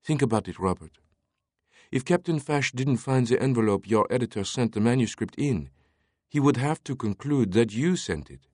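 A man voicing a sharp, probing young woman with a pointed, questioning manner. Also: medium pitch, lively intonation, moderate pace, no echo, clean studio sound, voice pushed up, natural voice.

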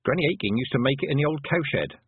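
A man's voice: medium pitch, expressive, fast talker, slightly rough, no room sound, voice pushed up. A man voicing a determined young girl who talks sharply and urgently. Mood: matter-of-fact. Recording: dry, phone-like narrow sound.

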